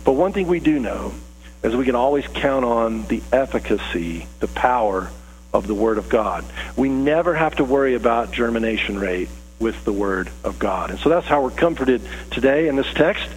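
A man preaching a sermon and telling a story in a relaxed, conversational way, with fillers and restarts. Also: medium pitch, normal speed. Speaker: pastor. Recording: long reverb with faint hum.

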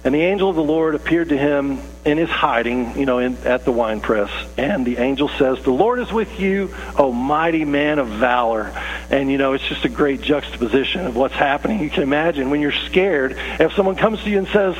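In a church sanctuary, a pastor preaches briskly to his congregation with hardly any pauses, his voice medium in pitch. His style is conversational and self-interrupting, with acted-out voices of the story's characters, captured on poor audio with a slight hiss or hum.

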